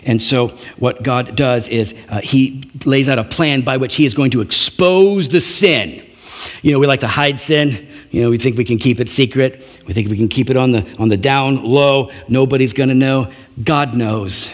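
A man preaching a sermon, animated and conversational, with frequent restarts and acted-out quotes. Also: medium pitch, normal speed. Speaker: pastor.

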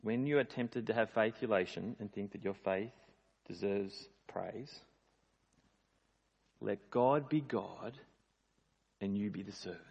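A man's voice: fairly low pitch, unhurried, creaky, long pauses, darkish tone, husky. A man preaching a sermon in a conversational, emphatic way. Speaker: pastor. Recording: dull lo-fi sound in a reverberant hall.

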